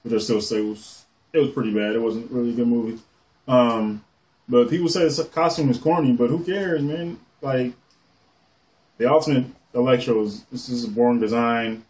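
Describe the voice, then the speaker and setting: Excitable rambling man showing comics. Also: medium pitch, normal speed. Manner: excited, rambling, swears casually. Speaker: comic collector vlogger. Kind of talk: casual show-and-tell.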